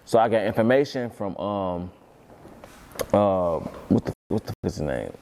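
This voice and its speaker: A man's voice: lowish voice, animated, moderate pace, vocal fry, mellow, slight background noise. A man talking as an interview guest, telling a long story in a rambling, repetitive way and swearing freely.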